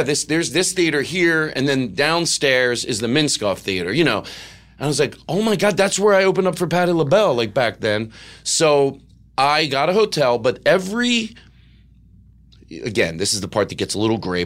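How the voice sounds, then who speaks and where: A man's voice: medium pitch, fairly bright tone. A middle-aged man, a comedian, telling a rambling personal story with lots of quoted dialogue. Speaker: guest comedian. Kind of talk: casual storytelling.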